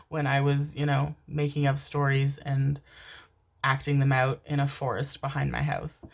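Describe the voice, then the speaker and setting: A young woman chatting to her viewers and reading tarot, soft and affectionate, calling them her darlings and loves. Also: deep voice. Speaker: tarot card reader. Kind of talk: casual chat and tarot reading to camera.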